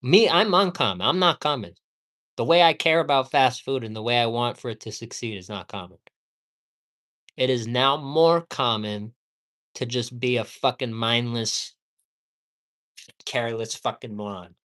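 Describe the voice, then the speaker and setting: A man's voice: mid-range voice, unhurried, pauses often, a bit bright. A man ranting heatedly and profanely at home during a casual livestream, rambling and repeating himself for emphasis. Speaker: live streamer.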